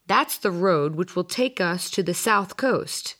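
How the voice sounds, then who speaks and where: A woman's voice: on the low side, lively intonation, unhurried, fairly bright tone. A woman reading the lines of a fussy husband complaining about directions in a listening-test story. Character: fussy middle-aged husband in a car.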